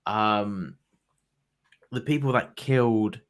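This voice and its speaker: A man's voice: fairly low pitch, slow pace, clean tone. A man co-hosting a podcast, chatting casually with some hesitation and dry jokey asides. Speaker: podcast co-host. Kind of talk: casual fan review chat.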